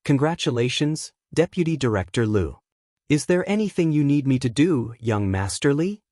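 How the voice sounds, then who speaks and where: A man's voice: medium pitch, big pitch swings, normal speed, darkish tone, no echo. A man reading the lines of a humble, respectful male subordinate on the phone, in an audiobook. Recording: dry close-miked studio sound.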